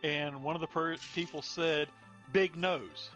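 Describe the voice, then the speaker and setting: Animated man on a dull lo-fi mic. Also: fairly high pitch, a little slow, soft background music. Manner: animated storytelling, laughs at own stories. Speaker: podcast co-host. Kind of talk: casual podcast chat.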